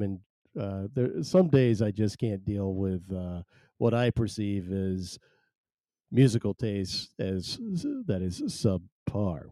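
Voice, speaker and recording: A man's voice: on the low side, warm tone, no echo. A man hosting a solo live stream, chatting in a rambling, wry, self-deprecating way.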